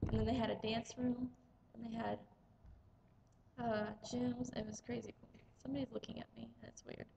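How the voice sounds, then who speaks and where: A woman's voice: on the high side, little pitch movement, moderate pace, creaky, background noise. A young American woman telling a rambling vlog story about her day, casual and chatty with lots of "like". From United States. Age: young adult. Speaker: vlogger.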